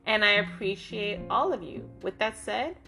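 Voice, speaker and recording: A woman's voice: medium pitch, animated, moderate pace, vocal fry. A woman giving a casual motivational talk straight to her listeners, earnest and direct, often checking in with "okay?" and "right?". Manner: talks with lots of "okay?" and "right?" check-ins. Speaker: motivational speaker. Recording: guitar music playing behind the voice.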